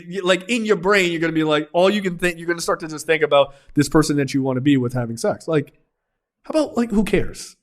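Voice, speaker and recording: A man's voice: a little high, animated, fast. A man co-hosting a film review podcast, casually recapping scenes and acting out characters' lines.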